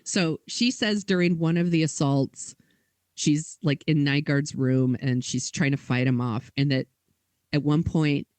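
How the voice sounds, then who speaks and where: A woman's voice: sits low, steady tone, a little slow, darkish tone, dry recording. A woman co-hosting a podcast, telling a story in casual chat with lots of "like" and quoted dialogue. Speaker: podcast co-host.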